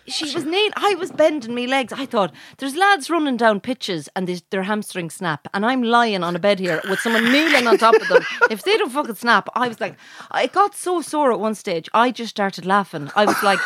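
Animated Irish woman telling a funny story. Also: on the high side, moderate pace, hardly any pauses, a little hiss or hum. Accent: Irish, Mayo. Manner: animated, swearing, laughing through her story. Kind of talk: casual comic anecdote.

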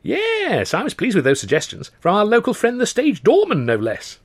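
A man doing a gushing, high-voiced gentleman. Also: huge pitch swings, moderate pace, exaggerated voice. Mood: pleased. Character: excitable, theatrical English gentleman friend.

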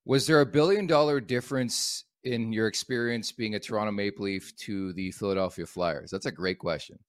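A man's voice: fairly low pitch, brisk, clear, resonant tone, no echo, studio quality. A man hosting a sports podcast, upbeat and joking as he steers the talk. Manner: upbeat, joking, leads the segments. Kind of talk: casual sports chat.

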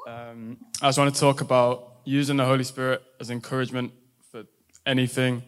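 A young man gives an earnest testimony to his church. His voice is smooth and resonant, and it stays level with very little melody. He speaks steadily and often pauses on fillers. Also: mid-range voice, flat delivery. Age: 20s. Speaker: university student sharing testimony.

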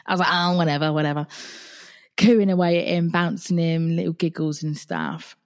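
Low-voiced woman telling a story. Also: steady tone, normal speed, darkish tone. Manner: candid, chatty, with casual swearing; recounts a dream in the present tense. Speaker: podcast host. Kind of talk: casual personal storytelling.

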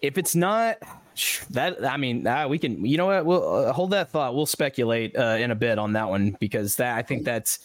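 A man's voice: mid-range voice, animated, moderate pace, dry recording. A man hosting a podcast, chatting casually and reading out listener comments with frequent laughs and fillers. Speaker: podcast host.

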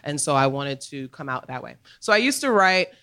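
A woman's voice: low voice, fairly quick, clean tone. An adult American woman, the guest on a live podcast recorded on a comedy club stage, talking emphatically and laughing easily. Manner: animated, emphatic storyteller with laughter.

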